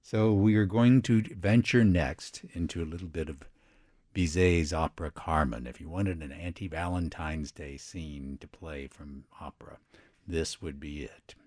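A man's voice: a bass voice, measured pace, a little mellow, no room sound, studio quality. A man hosting a classical music radio show, talking casually and chattily about the next piece. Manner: chatty, conversational, with fillers. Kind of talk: relaxed radio presenting. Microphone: studio microphone.

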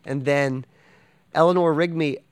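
A man's voice: a little high, fairly even intonation, a little slow, clean tone, no echo. A man who drums, a guest in a casual interview, talking with enthusiasm, rambling with many fillers and restarts. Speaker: drummer and podcast guest.

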